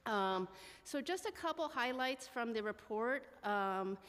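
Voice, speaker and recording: A woman's voice: fairly high pitch, animated, measured pace, fairly bright tone. Congested woman testifying at a hearing. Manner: earnest, with many fillers. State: congested from a cold. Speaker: immigrant advocacy director testifying. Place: council committee room. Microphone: table microphone. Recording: long hall reverb.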